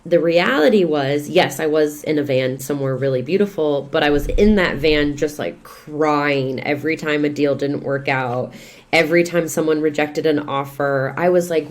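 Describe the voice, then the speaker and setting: A woman, a real estate investor and coach, talking as a podcast guest in lively, expressive storytelling. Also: deep voice, normal speed. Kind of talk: casual podcast conversation.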